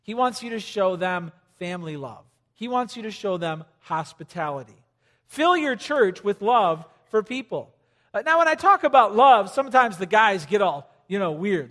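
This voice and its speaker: A man's voice: high voice, big pitch swings, normal speed. A man preaching a sermon in a chatty, joking way, pushing hard for emphasis. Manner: conversational, joking, rising to loud emphasis. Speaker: pastor. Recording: long hall reverb.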